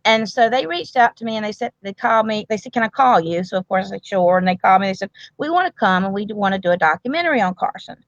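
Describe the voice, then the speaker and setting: A woman's voice: medium pitch, lively intonation, quick pace, hardly any pauses, dry recording. Earnest grandmother telling a story, lo-fi. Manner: earnest, rambling with restarts. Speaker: grandmother and medical provider, guest. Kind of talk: emotional casual interview talk.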